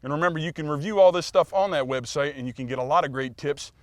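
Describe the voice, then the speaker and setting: A male host talks fast and upbeat as he wraps up the show. His voice sounds close and dry, with no room around it. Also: on the high side, steady tone, no room sound. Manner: upbeat, quick presenting. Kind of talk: show wrap-up.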